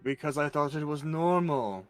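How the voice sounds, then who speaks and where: A man's voice: a little high, expressive, normal speed, soft background music. A man playing a tabletop game, teasing and defensive in character. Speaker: player. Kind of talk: casual tabletop role-play.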